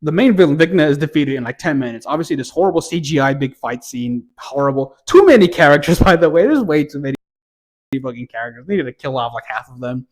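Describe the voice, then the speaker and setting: Male TV reviewer, casual exasperated rant, frequent swearing, slightly raised pitch. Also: animated, quick pace. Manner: profane, exasperated, rambling with restarts.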